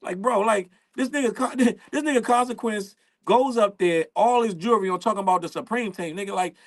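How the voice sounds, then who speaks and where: A man hosting a show, delivering a casual, profane commentary rant with frequent laughs and animated asides. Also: sits high, fairly quick. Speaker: show host.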